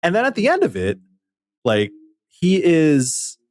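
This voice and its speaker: A man co-hosting a podcast, telling a story in an excitable, animated way and swearing casually. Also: a little high, measured pace. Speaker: podcast co-host. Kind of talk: casual chat.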